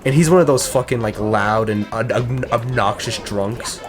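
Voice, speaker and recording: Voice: mid-range voice, a little fast, hardly any pauses, music in the background. A gaming co-host in casual let's-play chat, rambling and cursing while retelling a film plot. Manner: rambling, profane, retells a film with quoted voices.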